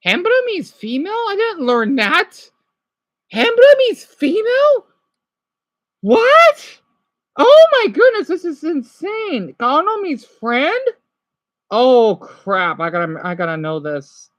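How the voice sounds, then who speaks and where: A woman livestreaming casually, reading practice words aloud and chatting with her viewers, excitably exclaiming at surprises. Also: fairly high pitch, no room sound. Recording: dull lo-fi sound.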